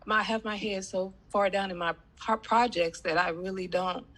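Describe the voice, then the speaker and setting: Her voice is medium-pitched and a bit bright, with fairly even intonation and a moderate pace. She's a woman with a slight cold, a student in a coaching class chatting casually on a video call in a rambling way full of fillers.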